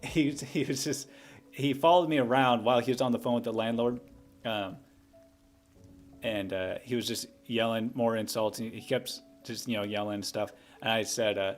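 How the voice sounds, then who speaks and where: A man's voice: mid-range voice, fairly even intonation, moderate pace, soft background music. A young man casually telling a long story on a livestream, rambling with frequent restarts and asides. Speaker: livestream host.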